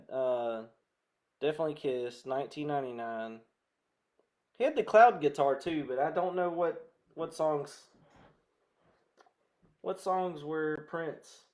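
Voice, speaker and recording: A man's voice: fairly high pitch, a little mellow. A man with a Southern American accent chatting in a rambling way to viewers while he restrings a guitar. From southern United States. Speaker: guitar vlogger.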